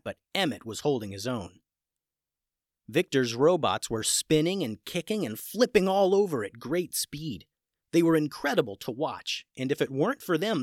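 Lively storyteller reading to children. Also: medium pitch, dry recording, studio quality. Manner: lively, expressive read-aloud. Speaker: podcast storyteller.

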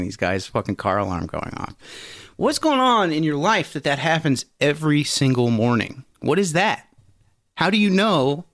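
A man's voice: mid-range voice, a bit bright, dry recording, clean studio sound. A man co-hosting a podcast, telling a rambling, profane story and laughing often. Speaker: podcast co-host. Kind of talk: casual podcast chat.

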